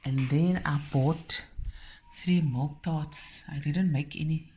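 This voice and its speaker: A woman's voice: low-pitched, steady tone, takes it slowly, dark tone. A South African woman hosting a cooking channel, chatting in a homely way as she shows her guests' gifts and food at home. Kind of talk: casual vlog chat.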